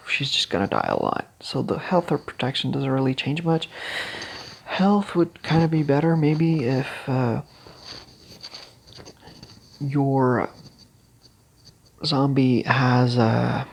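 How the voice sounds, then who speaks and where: A game guide creator talks through strategy at an unhurried pace, halting often and filling gaps with ums and restarts. The voice has a gravelly, rough edge and sounds husky, with the odd throat-clear as it catches. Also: mid-range voice, animated, poor audio. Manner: halting, with many fillers and restarts.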